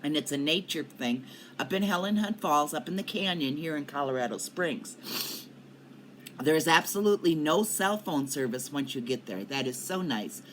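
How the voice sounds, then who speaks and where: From her home in Colorado, an older woman who makes cannabis videos rambles casually to her viewers, often coughing. Her low voice is expressive and a bit bright at a moderate pace, with a little hiss or hum in the recording.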